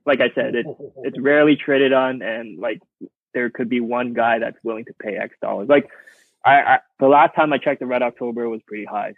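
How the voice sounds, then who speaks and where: A man's voice: mid-range voice, creaky, no echo. A man guesting on a podcast, thinking aloud hesitantly with many fillers over a call. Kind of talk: casual chat. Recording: tinny phone-like call line.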